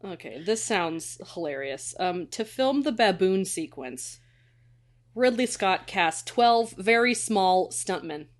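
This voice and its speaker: A woman's voice: mid-range voice, lively intonation, slow pace. A woman co-hosting a film podcast, chatting casually and reading trivia aloud, often laughing and swearing. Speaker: podcast co-host.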